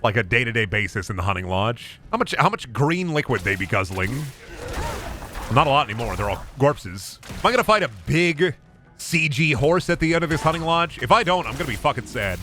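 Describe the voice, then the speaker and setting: A young man streaming a game, chatting casually in a goofy, animated way and jumping into bits. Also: mid-range voice, fairly quick, soft background music. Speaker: gaming streamer. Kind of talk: casual live-stream commentary.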